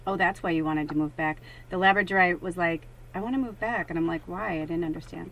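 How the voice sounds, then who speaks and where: A woman's voice: lowish voice, quick pace, few pauses, a bit bright, a little hiss or hum, rough recording. A woman working as a psychic medium, talking casually and animatedly to viewers during a card reading. She swears freely and acts out her own thoughts in quoted asides.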